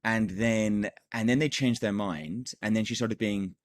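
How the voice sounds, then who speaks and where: A man's voice: on the low side, a little slow, slight background noise. A man teaching a recorded sales course as a coach, enthusiastic, repeating words and filling gaps with "done, done, done".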